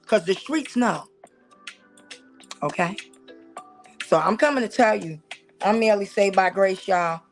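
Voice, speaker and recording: A woman with a Southern US accent hosting a casual talk show, talking straight to her viewers in an animated, preachy and teasing way. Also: medium pitch, a little slow, pauses often, faint music behind. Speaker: host. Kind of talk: casual commentary on church life.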